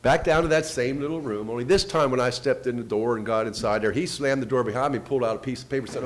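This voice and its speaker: Guy talking quick, telling what happened to him, acting out the back-and-forth, voice jumps up and down. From United States. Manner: retells events with quoted dialogue, lively shifts in pitch and loudness. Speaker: invited speaker. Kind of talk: first-person storytelling talk.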